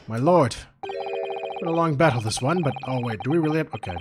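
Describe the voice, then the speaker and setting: A man's voice: mid-range voice, quick pace. Man streamer, strained tired voice, casual swearing chat, game music behind.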